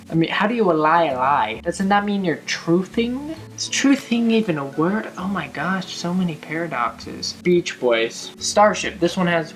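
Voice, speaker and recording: A woman's voice: low voice, lively intonation, unhurried, few pauses, fairly bright tone, faint music behind. A young woman vlogging in a casual chatty way, now and then breaking into bits of song. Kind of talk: casual chat.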